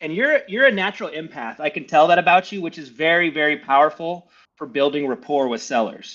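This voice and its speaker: A man running a live sales training, rattling off advice at a rapid clip and checking in with his trainee as he goes. His voice sits a little high for a man. It comes through a dull, lo-fi video call line. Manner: fast, energetic, coaching with frequent checks like "okay?". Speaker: sales coach.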